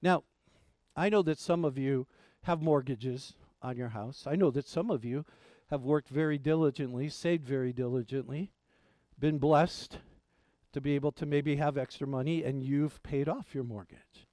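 A man preaching a sermon. He repeats key phrases slowly and with weight, moving between hushed lines and loud declarations. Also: medium pitch, no room sound. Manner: preaching with slow emphatic repetition, swinging from hushed to loud. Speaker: pastor.

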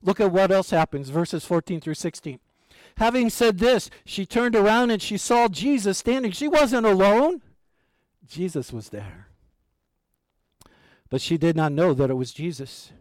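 High-voiced preacher asking his congregation questions. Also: a little slow, no echo. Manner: animated, asks the congregation rhetorical questions, drops to a near hush for emphasis; light humor with an occasional chuckle. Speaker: pastor. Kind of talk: sermon.

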